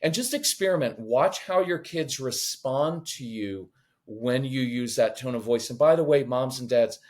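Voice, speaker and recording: This parenting podcast speaker is a man with a medium-pitched voice and a normal speaking speed. He's animated and conversational as he teaches, performing the voices he quotes and slipping in jokes now and then.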